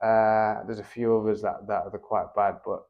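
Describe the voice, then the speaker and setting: A man's voice: on the low side, flat delivery, normal speed, lo-fi sound. A young Australian man telling a rambling story in casual chat, dotting his talk with "like" and "bro".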